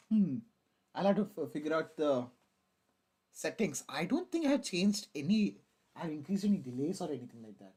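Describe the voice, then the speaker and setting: A man's voice: high voice, darkish tone, husky. A young man, chatting on a casual live stream while building a model kit, hyper, giggly, swearing and rambling. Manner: hyper, giggly and profane, rambling self-mockery.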